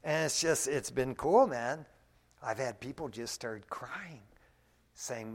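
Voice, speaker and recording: A male preacher giving a casual, folksy sermon, often dropping in "man" and swinging from quiet to loud. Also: medium pitch, slow pace. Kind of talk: conversational sermon.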